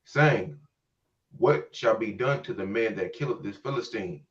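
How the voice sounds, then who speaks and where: A man reading scripture aloud in a steady, measured way. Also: fairly low pitch. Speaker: scripture reader. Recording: dull, distant mic.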